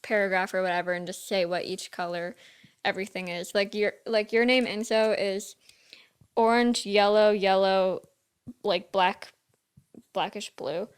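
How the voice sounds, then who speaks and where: A woman's voice: mid-range voice, fairly even intonation, measured pace, smooth. A young woman co-hosting a podcast, talking in casual chat with lots of "like" fillers. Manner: chatty, full of "like" fillers. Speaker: podcast co-host.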